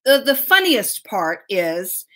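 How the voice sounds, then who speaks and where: A woman hosting a live web show, greeting viewers by name in a bubbly, excitable way and laughing often. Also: mid-range voice, slow pace. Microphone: laptop mic.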